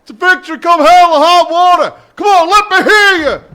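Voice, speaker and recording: An actor playing a loud, abusive military drill sergeant in a game cutscene, barking insults and orders. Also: male voice, very high-pitched, moderate pace.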